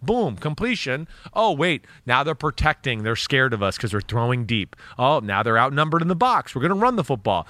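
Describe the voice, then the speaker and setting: A man talking football on a podcast, animated and blunt, swearing freely as he makes his case. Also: medium pitch, a little fast, few pauses, no echo. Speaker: football analyst. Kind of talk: casual podcast talk.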